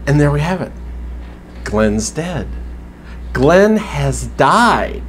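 Male recapper, casual and sarcastic, animated delivery, faint room hum behind. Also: fairly high pitch, very slow. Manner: sarcastic, wry, swears casually, with restarts. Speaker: TV episode recapper.

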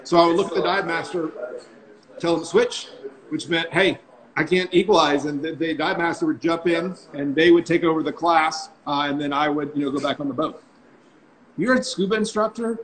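A man's voice: on the high side, fairly quick, low-quality recording. A man in his forties, a diving instructor telling stories in a casual, chatty way on a video call, often ending sentences with "right?". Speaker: freediving instructor and guest. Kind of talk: casual storytelling on a live stream. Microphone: phone or computer mic on a video call.

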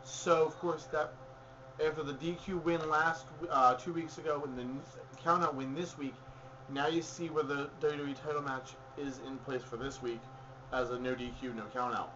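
A man's voice: a little high, fairly even intonation, normal speed, muffled recording, background noise. Opinionated young-sounding man recapping wrestling. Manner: rambling, opinionated, self-correcting. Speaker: podcast co-host. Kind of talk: casual wrestling recap chat.

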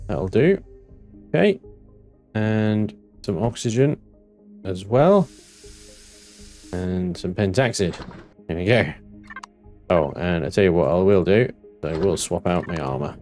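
A man narrating his own gameplay, excitable and talking to himself, swearing now and then. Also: sits low, slow, long pauses, faint music behind. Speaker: gameplay commentator. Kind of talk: let's play commentary.

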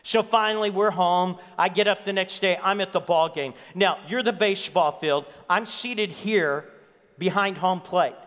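A man preaching a sermon as pastor, an animated storyteller who acts out the dialogue. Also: high voice, measured pace. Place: church sanctuary. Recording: reverberant church hall.

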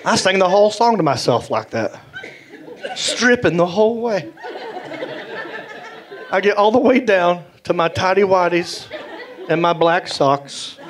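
A middle-aged man with a Southern US accent telling animated stand-up stories on stage, acting out the voices he quotes. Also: high-pitched, a little slow, pauses often, a faint crowd. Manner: animated, acts out voices, drawling. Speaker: stand-up comedian. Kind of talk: stand-up storytelling. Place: comedy stage. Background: audience laughter.

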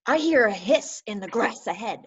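A woman's voice: a little high, lively intonation, moderate pace, husky. A woman voicing a big, hungry, gullible monster in a storybook read-aloud over a video call. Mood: gruff. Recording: dull lo-fi video call audio.

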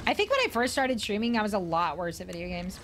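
A young woman streamer giving casual gameplay commentary, excitable and swearing often. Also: medium pitch, fast, music in the background. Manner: excitable, swearing, shrieks and laughs.

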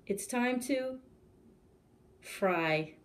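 A woman voicing a hungry, demanding male king who complains loudly and fussily. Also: fairly high pitch, animated, extremely slow. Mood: bossy. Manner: loud, fussy complaining.

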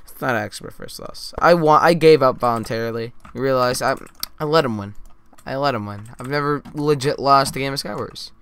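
A man giving jokey, mock-boastful live commentary while playing a game, with sudden loud outbursts. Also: mid-range voice, fairly quick, clean tone. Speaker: gaming YouTuber.

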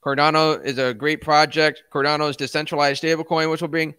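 Young guy streaming crypto chat, bright forceful voice, dry close sound, swears and rants when riled. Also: fairly high pitch, fairly even intonation, fairly quick, smooth, dry recording. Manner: swears, flares into ranting outbursts; laid-back, calls viewers man and dude. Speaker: crypto livestream host. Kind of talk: casual livestream chat.

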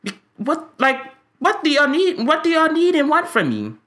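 A man's voice: very high voice, huge pitch swings, normal speed, sharp tone. A man giving ranting, profane commentary on a game he is fed up with, stammering when frustrated. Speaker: gaming YouTuber.

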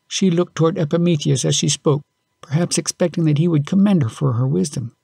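A man reading a storybook aloud in a calm, measured way. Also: fairly high pitch, creaky, slightly rough, dry recording.

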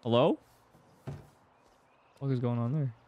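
A man's voice: mid-range voice, slow, muffled recording, slight background noise. A young man playing a horror game, reacting with jumpy, joking commentary and reading lines aloud. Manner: jumpy, swears and laughs at scares, reads game lines aloud. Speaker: gaming streamer.

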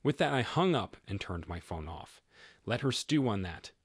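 Male storyteller, low husky voice, lively pitch, dry close sound, matter-of-fact. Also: normal speed, no room sound. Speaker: narrator. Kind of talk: first-person story narration.

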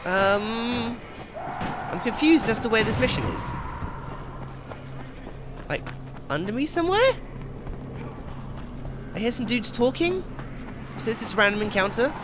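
A man commentating casually over his game play, excitable and jokey, swearing freely. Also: very high-pitched, unhurried, pauses often, background noise. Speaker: gaming video host.

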